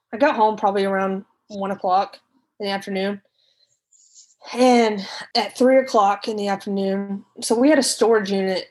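A woman talks through a hard memory from her own life. She speaks in a casual, halting way, restarts and repeats herself often, and her voice sits in an ordinary middle range. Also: mid-range voice, poor audio. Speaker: storyteller recounting her past. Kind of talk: personal storytelling.

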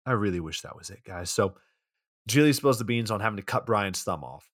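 Low-voiced man rambling through a movie recap. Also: animated, brisk, fairly bright tone, no echo, studio quality. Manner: rambling, profane, lots of "like". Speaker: podcast co-host. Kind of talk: casual comedic movie recap.

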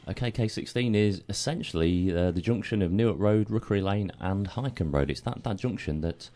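Fast, sarcastic deep-voiced English man. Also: dark tone. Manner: dry sarcastic humour. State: slightly sore throat. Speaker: radio co-host and producer.

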